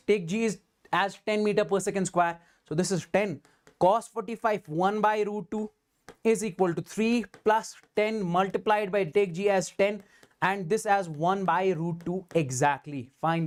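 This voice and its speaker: A man teaching physics in a live online exam-prep class. He asks rhetorical questions, voices the students' answers back to himself and keeps repeating emphatic affirmations. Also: high-pitched.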